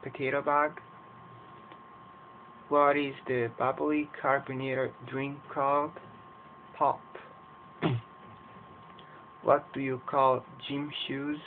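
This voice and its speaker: A man's voice: medium pitch, flat delivery. A man from Canada with a Canadian accent, reading words one by one for an accent challenge as an English teacher. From Edmonton, Canada. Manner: slow, careful word-by-word reading. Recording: tinny, phone-like home recording with faint hiss.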